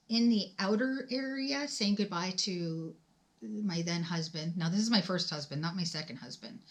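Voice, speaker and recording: A middle-aged woman telling a personal story to her viewers from home in a casual storytime vlog. She talks in a chatty, emphatic way and speaks straight to her audience. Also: fairly low pitch.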